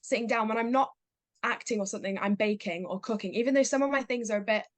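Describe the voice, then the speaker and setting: A teenage girl talks in a bright, chatty way, with lots of fillers and little acted-out quotes. Her voice sits a bit high, and the sound is dry and close. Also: fast, no room sound. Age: teens. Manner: chatty, upbeat, many fillers, acts out quotes. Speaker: guest, young actor. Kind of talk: casual interview chat.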